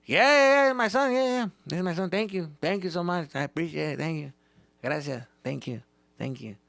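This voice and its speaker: A man voicing his stern, angry father, who scolds his lost young son loudly and mixes Spanish curses into his English. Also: sits high, expressive, fast, creaky, no room sound, pitched above the performer's own voice, full character voice. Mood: falsely gracious.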